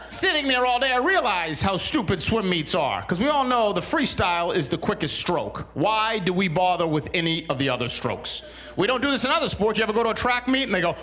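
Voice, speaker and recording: A man's voice: high-pitched, big pitch swings, a little fast, sharp tone. A man in his forties doing a stand-up comedy routine on a small studio stage, telling dry, exasperated stories with punchlines.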